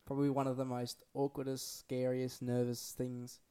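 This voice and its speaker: A man's voice: mid-range voice, completely flat delivery, normal speed, mellow, clean tone. A young man, a podcast co-host telling rambling, sweary stories in casual chat.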